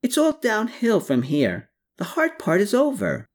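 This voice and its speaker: A man's voice: sits high, wildly swooping pitch, unhurried, voice pushed up, exaggerated voice. A reader voicing a jovial roguish male dealer. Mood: jovial, boastful. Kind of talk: audiobook character voice.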